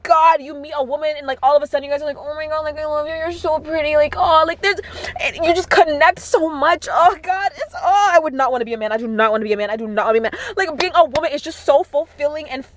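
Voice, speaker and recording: A young woman vlogging casually to camera, gushing and animated, with lots of fillers and exclamations. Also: sits high, quick pace, hardly any pauses, slight background noise. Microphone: camera mic.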